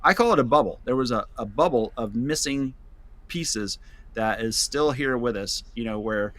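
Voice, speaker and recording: A man's voice: mid-range voice, lively intonation, moderate pace, a bit bright, dry recording. A man, the founder of a van company, talking as a podcast guest in a loose, rambling way with many fillers and restarts. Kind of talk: casual podcast interview.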